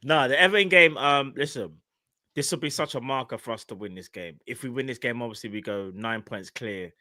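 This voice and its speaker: Bright-voiced young man talking football. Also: mid-range voice, fairly quick, dry recording, clean studio sound. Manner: animated, teasing, emphatic. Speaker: co-host. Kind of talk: casual football chat.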